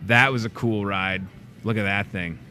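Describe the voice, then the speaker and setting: A man's voice: lowish voice, moderate pace, slight background noise. A man hosting a local store show, chatting casually and jokingly while plugging events and deals. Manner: chatty, joking asides, lively promo delivery. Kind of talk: casual local promo chat.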